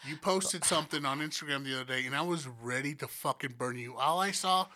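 Male podcast co-host, excitable and profane, bright forceful voice. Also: fairly high pitch, fairly quick. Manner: excitable, profane, keeps saying "you know what I'm saying". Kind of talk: casual podcast chat.

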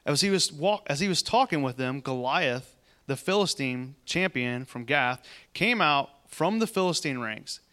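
Bright-voiced man preaching conversationally. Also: on the high side, expressive. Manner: conversational, quick asides between read passages. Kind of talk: sermon reading and commenting on scripture.

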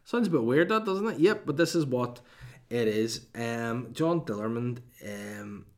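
A man's voice: medium pitch, lively intonation, unhurried. A man, hosting a comedy podcast in a rambling, sweary monologue with mock outrage and lots of restarts.

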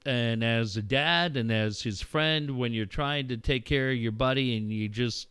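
A man's voice: mid-range voice, unhurried, fairly bright tone, clear, resonant tone, dry recording. A middle-aged man hosting a podcast, telling personal stories in a candid, reflective way and swearing freely. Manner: candid, profane, reflective storytelling. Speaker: podcast host. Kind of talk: casual conversation.

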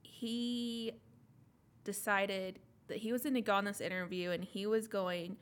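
A young woman co-hosting a casual podcast chat, animated and laughing as she acts out quotes. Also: mid-range voice, a little slow, clear, resonant tone. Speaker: podcast co-host.

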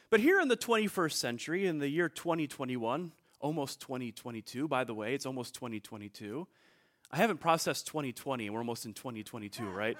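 A man's voice: fairly high pitch, fairly bright tone. A male pastor preaching a sermon in a conversational, storytelling way, with asides to the congregation.

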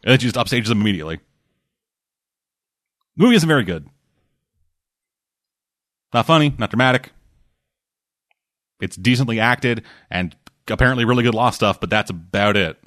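A man's voice: medium pitch, lively intonation, normal speed, long pauses, no room sound, clean studio sound. A man chatting casually about movies and shows, rambling and swearing, with lots of restarts. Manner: rambling, profane, acts out quotes loudly.

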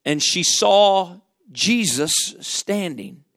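A male preacher delivers a sermon, dropping to near-whispers and then climbing loud again. His fairly high voice leaps around expressively. The sound is close and dry. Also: expressive, extremely slow, no echo. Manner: dramatic, swings from hushed to loud, rhetorical questions.

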